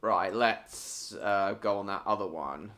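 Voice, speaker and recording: A man's voice: on the low side, slow pace, sharp tone. A man streaming video games live, talking casually in a giggly, silly, self-mocking way.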